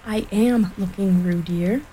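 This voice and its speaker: A woman voicing a cheerful, firmly motherly female kangaroo in a storybook reading, soothing but brisk. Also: on the high side, dark tone, slight background noise, close to an everyday voice, poor audio.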